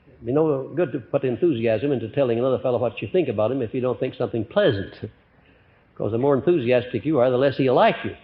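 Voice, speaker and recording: With a mid-range voice, an older man lectures a live audience on motivation, animated and full of fillers, moving between loud emphasis and quiet remarks. The audio is a muffled lecture recording from the 1950s.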